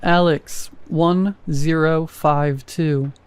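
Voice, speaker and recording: A man's voice: fairly high pitch, steady tone, very slow, smooth, no echo. A man voicing a scared young wife in a spoken horror story, with a shaky, tense delivery. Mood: uneasy.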